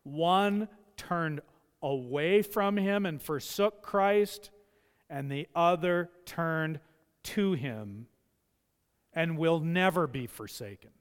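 A man's voice: on the high side, takes it slowly, smooth. A man preaching a sermon as a pastor, impassioned, often acting out the voices he quotes. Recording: long hall reverb.

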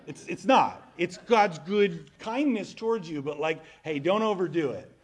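A man's voice: sits high, animated, measured pace. A man preaching a sermon, telling a story conversationally with casual asides.

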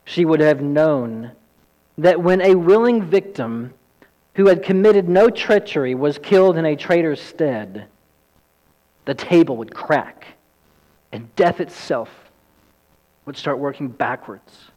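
A man voicing a great wise male lion in a low, hushed, measured way, read aloud in a sermon. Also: expressive, muffled recording. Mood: solemn. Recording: long hall reverb.

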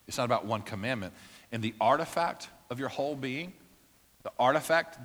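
A man preaching a sermon in a church, his voice sitting at an ordinary middle pitch. He moves between plain teaching and impassioned, almost shouted prayer. A long hall reverb trails behind every phrase. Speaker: pastor.

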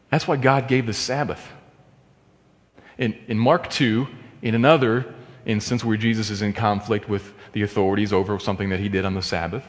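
A man preaching a sermon as pastor, swinging between loud emphatic stresses and hushed, quiet asides. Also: lowish voice, in a large hall.

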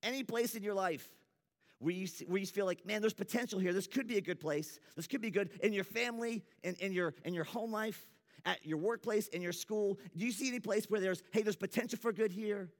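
A man's voice: high voice, fairly quick. A man preaching a sermon as a church pastor, earnest and conversational, often restarting his sentences. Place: church sanctuary. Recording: long hall reverb.

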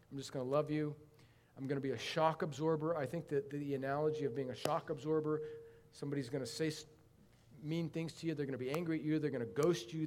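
A man's voice: fairly high pitch, darkish tone. A man leading a midweek church class, talking through scripture in a conversational way and calling on members by name. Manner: conversational, calls on people by name, builds to impassioned emphasis. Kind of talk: informal sermon and discussion.

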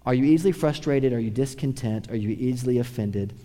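A man preaching a sermon, swinging from a raised voice to hushed, quiet tones. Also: mid-range voice, expressive, fairly quick, few pauses, big-room sound. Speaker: pastor.

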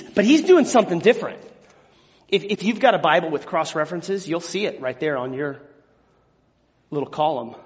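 High-voiced man preaching in a reverberant hall. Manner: animated, acts out biblical quotes with big swings from hushed to shouting. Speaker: pastor. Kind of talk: sermon. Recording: dull sound with long hall reverb.

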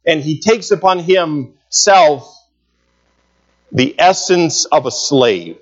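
Man preaching, fairly high voice, emphatic, repeats key phrases, reads scripture, muffled lo-fi sound. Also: animated, takes it slowly. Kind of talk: sermon.

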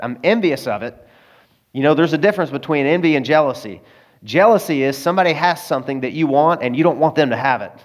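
A man preaching a sermon in a conversational way, with personal stories and frequent asides to the congregation. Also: on the high side. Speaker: pastor.

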